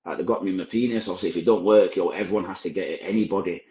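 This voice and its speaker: A man's voice: low voice, racing, warm tone, roomy sound, highs cut off. A man, a podcast guest, recounting his past in a candid, vivid, blunt present-tense way. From Manchester, England. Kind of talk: personal storytelling.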